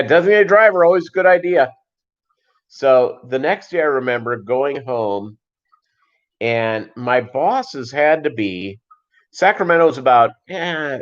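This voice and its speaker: A man's voice: medium pitch, dull audio. A middle-aged man hosting a livestream, telling a long story in a loose, rambling way with many restarts and asides. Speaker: livestream host.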